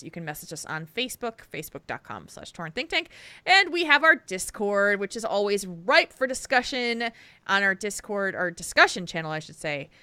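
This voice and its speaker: Woman podcast host, bright clear voice, dry close mic, chatty with fillers. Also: lowish voice, no room sound. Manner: chatty, laughs often, trails off with fillers. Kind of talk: casual podcast chat.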